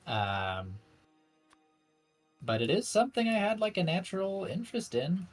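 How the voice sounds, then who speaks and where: Young student guy, kinda husky voice, wry jokes, pitch bounces around a lot. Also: expressive, normal speed, soft background music. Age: young adult. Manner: wry, dry-humored, laughs often. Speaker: university student, guest on stream. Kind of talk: casual chat.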